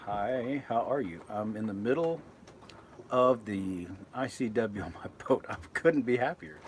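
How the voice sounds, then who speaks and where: A man's voice: lowish voice, a little slow, slight background noise. A man reading out viewers' comments and chatting loosely on a live stream from inside his boat, rambling and correcting himself as he goes. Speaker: vlogger reading live chat. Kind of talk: casual live-stream chat.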